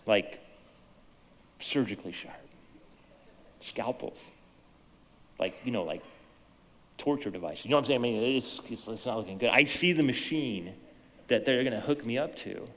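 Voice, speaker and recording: Animated male pastor in a reverberant hall. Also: mid-range voice. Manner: animated storytelling, swinging between hushed and loud. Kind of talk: sermon. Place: church sanctuary.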